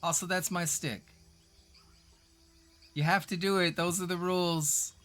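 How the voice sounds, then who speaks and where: A short, cheeky satyr with a grin in his voice, pushy and chatty, talking a little higher than usual, as a man puts him on. He teases and jabbers away in a tabletop game. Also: fairly even intonation, measured pace, a bit bright, faint music behind. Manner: chatty, teasing, playful.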